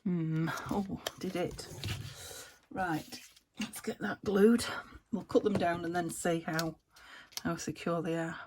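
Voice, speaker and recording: A woman's voice: on the low side, steady tone, takes it slowly, darkish tone, slight background noise. A woman vlogging about her crafts, chatting casually and thinking aloud as she works, sometimes half-whispering. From United Kingdom. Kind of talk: casual crafting chat to camera.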